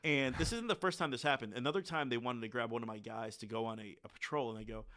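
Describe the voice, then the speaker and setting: A man at a middle pitch recounts combat as a podcast guest. He speaks casually and bluntly, with many filler words. His tone is frank and plain. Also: fast, bright, forceful tone. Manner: blunt, candid war storytelling with frequent filler words. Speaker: podcast guest, military veteran. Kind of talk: casual conversational storytelling.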